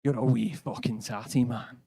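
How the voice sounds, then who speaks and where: A man voicing an angry red-faced Scottish bloke in a pub, with a Scottish accent, loud and gruff. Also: medium pitch, steady tone, normal speed, no echo, clean studio sound.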